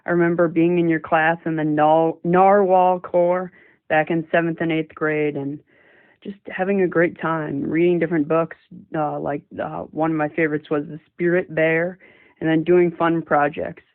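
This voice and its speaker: Sex: man. Role: former student. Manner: friendly, chatty, meandering. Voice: higher than most. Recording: tinny, phone-like. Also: little pitch movement, moderate pace, clear, resonant tone. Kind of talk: recorded video tribute.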